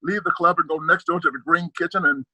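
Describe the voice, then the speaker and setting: An older male comedian chatting on a video call, ranting with animated, profane energy while holding his phone. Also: on the high side, fast talker, no room sound. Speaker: comedian guest. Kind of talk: casual video call chat. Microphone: handheld phone on video call.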